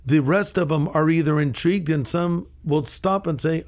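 A man's voice: fairly high pitch, moderate pace. A middle-aged man, a pastor, telling anecdotes in a radio interview and acting out the dialogue as he goes. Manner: lively anecdotal storyteller, acts out quoted dialogue. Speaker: pastor and author.

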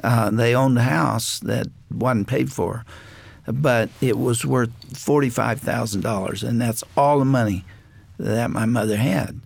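Earnest older man with a gravelly voice. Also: mid-range voice, darkish tone, no echo. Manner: earnest, unhurried anecdote with frequent pauses. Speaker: guest. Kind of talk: personal storytelling in a faith interview.

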